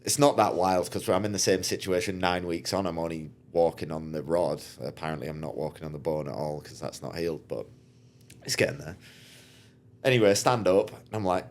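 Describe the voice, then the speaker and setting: A man's voice: low voice, fairly quick. A man, a podcast guest and racer, telling his story in a casual, rambling way, acting out what others said. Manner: rambling, animated, acts out quotes.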